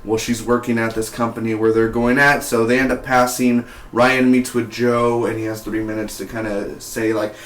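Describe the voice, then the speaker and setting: Casual male reviewer, mid-pitched, loose rambling delivery, roomy echo. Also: level tone, normal speed, few pauses, a bit bright. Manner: rambling, heavy on "like" and "you know". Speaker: TV series reviewer.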